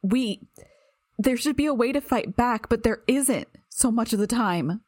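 A woman's voice: a little high, lively intonation, measured pace, a little mellow, no echo, pitched above the performer's own voice. A woman voicing an injured young woman who trembles with self-pity and lashes out in anger, in an audiobook reading. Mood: anguished. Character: anguished, bitter young woman, injured and cornered.

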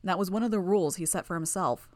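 A woman voicing a calm, smooth-talking and menacing male killer, speaking in a mocking tone. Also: on the low side, fast, dry recording, close to an everyday voice.

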